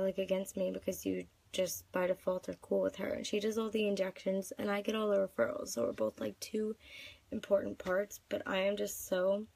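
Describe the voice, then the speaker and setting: A woman's voice: medium pitch, creaky, a little mellow, slightly rough, dry recording. A woman in her twenties venting in a live video, crying and upset, rambling with many fillers. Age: 20s. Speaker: vlogger.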